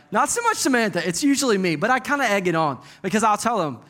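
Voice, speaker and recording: High-voiced joking preacher man. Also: brisk. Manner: folksy, joking, animated preaching. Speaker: pastor. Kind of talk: sermon.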